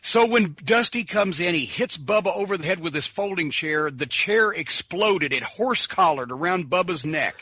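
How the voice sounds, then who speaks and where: A man telling animated, profane stories as a podcast guest, laughing often and mimicking the people in them. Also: sits high, moderate pace, hardly any pauses, slightly rough, no room sound, muffled recording. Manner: profane, excitable, laughs often, imitates voices. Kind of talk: animated storytelling.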